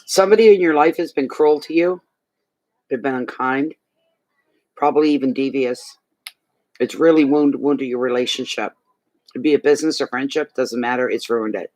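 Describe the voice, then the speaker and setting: A man's voice: medium pitch, moderate pace, pauses often, darkish tone, dry recording, rough recording. A man giving a tarot card reading to a client, speaking emphatically and repeating key phrases to reassure her. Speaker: tarot reader.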